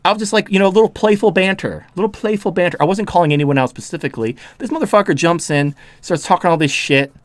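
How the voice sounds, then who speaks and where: A man hosting a casual talk show, ranting with heat and a steady stream of profanity. His voice sits a little high for a man. It is recorded close and dry, with no room sound. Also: fast, hardly any pauses, no room sound, soft background music. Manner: heated, profane and sarcastic. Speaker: podcast host.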